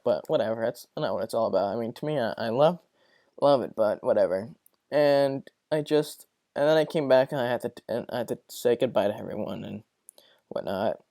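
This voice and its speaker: A man's voice: mid-range voice, a little mellow, dry recording. Profane, exasperated young man ranting. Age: young adult. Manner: profane, rambling, exasperated venting. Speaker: podcast host. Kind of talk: casual solo podcast rant.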